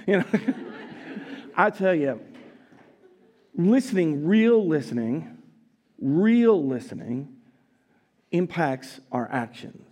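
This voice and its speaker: A man's voice: on the high side, very animated, slow pace, long pauses, warm tone. A man preaching a live sermon in a church, teasing his congregation and laughing often as he talks. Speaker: pastor. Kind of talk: live sermon with audience interaction. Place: church sanctuary.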